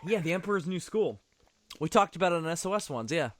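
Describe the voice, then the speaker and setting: A man's voice: a little high, lively intonation, fast talker. A man giving casual, sarcastic commentary on a movie, swearing often.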